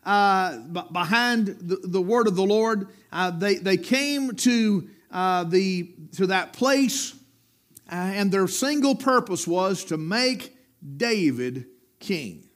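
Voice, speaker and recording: A middle-aged man preaching a sermon, with rising emphatic peaks and low dropped endings. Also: lively intonation, slow.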